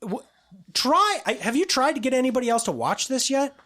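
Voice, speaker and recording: Lively, rambling male podcast host. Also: very high-pitched, fairly quick. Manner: rambling, with frequent restarts and mimicked quotes. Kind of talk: casual chat.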